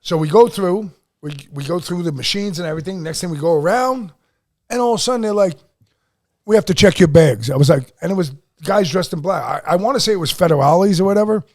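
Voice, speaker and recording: A man on a podcast telling a story in casual chat, loud and profane. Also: high voice, animated, fast. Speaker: podcast co-host.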